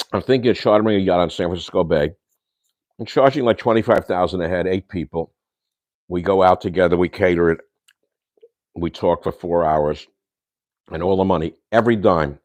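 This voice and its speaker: A man's voice: low-pitched, normal speed, long pauses, darkish tone, no echo. An older man hosting a casual livestream monologue from his home kitchen, rambling and ranting with insults and Yiddish slang. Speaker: host.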